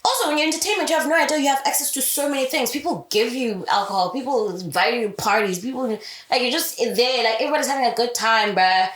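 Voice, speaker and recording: A woman's voice: fairly high pitch, quick pace, few pauses, a bit bright. A young woman speaking candidly in a casual interview, swearing freely and telling her story with animation. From South Africa. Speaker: radio host guest. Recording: roomy echo.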